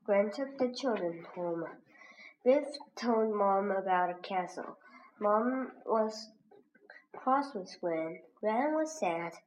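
A woman slowly reading a children's reader aloud as a lesson, pronouncing each word with care. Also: medium pitch, animated. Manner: slow, careful, clearly pronounced. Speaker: reading teacher. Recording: dull lo-fi recording with faint hiss.

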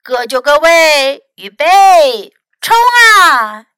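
A woman voicing an eager, competitive young boy fox in a storybook reading, with excited, boastful lines. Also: high-pitched, unhurried, no echo, studio quality, full character voice.

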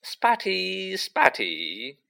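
A man's voice: high voice, wildly swooping pitch, creaky, bright, forceful tone, pitched above the performer's own voice, heavily acted. A man doing a sly, gleeful poltergeist. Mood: bellowing. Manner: sly, drawn-out teasing.

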